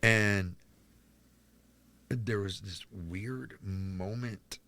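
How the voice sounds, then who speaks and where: Speaking extremely slowly in a lowish, pushed, bright voice, a man from Charlotte, North Carolina, US, shares his life story as a podcast guest. It's a casual interview, and he's candid and rambling, leaning heavily on "like."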